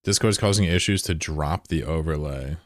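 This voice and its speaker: Low-voiced guy streaming a game, chill and swearing, reading chat out loud. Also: normal speed, dry recording, studio quality. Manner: laid-back, profane, answers chat aloud. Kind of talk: casual livestream chat.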